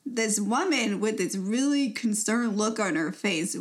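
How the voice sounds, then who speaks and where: In a medium-pitched, animated voice at a measured pace, a young podcast co-host tells a story. The chat is casual, full of laughter and filler words.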